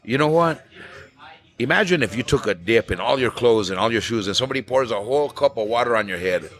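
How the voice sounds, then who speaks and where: A man's voice: mid-range voice, fast talker. A middle-aged man from New Mexico, a flamenco singer chatting as a podcast guest, telling things with vivid images and dropping in Spanish words. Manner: relaxed storyteller, vivid imagery, slips into Spanish. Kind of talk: casual interview chat.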